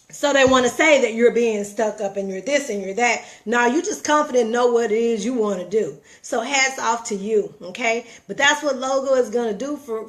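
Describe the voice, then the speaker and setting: Animated motivational woman, a bit high. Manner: folksy, preachy, animated storytelling. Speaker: motivational vlogger. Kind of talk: casual motivational talk.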